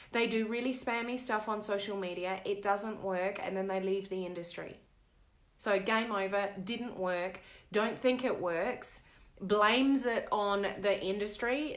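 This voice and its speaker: A woman's voice: mid-range voice, sharp tone, reverberant. A woman hosting a live stream, telling a story in a casual, chatty way and reading viewer comments aloud. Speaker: host of a live video stream.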